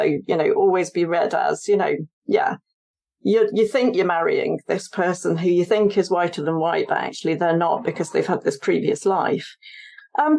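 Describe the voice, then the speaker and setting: A woman's voice: mid-range voice, gravelly, darkish tone. A woman author and historian being interviewed on a podcast, explaining her research in a chatty way and laughing easily.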